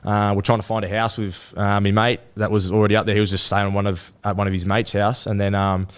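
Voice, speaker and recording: Fast-talking young Australian man. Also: on the low side, level tone, smooth. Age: 20s. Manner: rambling storytelling with many restarts and fillers. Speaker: rugby league player guest. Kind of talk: casual interview chat.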